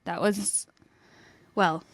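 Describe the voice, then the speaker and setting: A young adult woman co-hosting a podcast, telling stories in a lively way and laughing as she goes. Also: on the low side, very slow, no room sound. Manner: animated storyteller, laughs mid-sentence. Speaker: podcast co-host. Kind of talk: casual chat.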